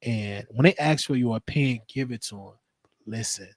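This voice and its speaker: A man hosting a talk show, telling stories in a casual, slangy, animated monologue. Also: medium pitch, normal speed, dry recording. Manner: animated, slangy, acts out quotes.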